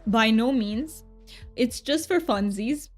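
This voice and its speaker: Bubbly romanian-born lady streamer, kinda high voice, soft music playing behind. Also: slow. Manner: bubbly and giggly, with frequent laughs and restarts. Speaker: game streamer. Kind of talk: casual live-stream chat, reading chat aloud.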